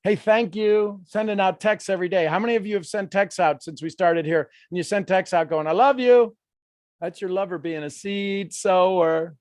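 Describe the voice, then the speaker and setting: A man with a fairly high voice leads a live workshop session. He teaches in an animated way, slipping into quoted voices and laughing as he goes. The sound is close and dry. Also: brisk, hardly any pauses, no room sound. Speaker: coach.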